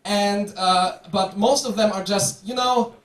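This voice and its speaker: A young Bavarian man with a German accent performs stand-up on a comedy club stage, wry and animated, with fillers and restarts. His voice is high and a little slow, captured from a distance in the echoey club amid audience laughter and noise.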